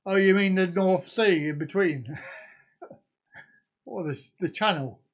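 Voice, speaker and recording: A man's voice: sits high, slow pace, lo-fi sound. A man from the UK, hosting a casual live stream and joking while reacting to viewer comments.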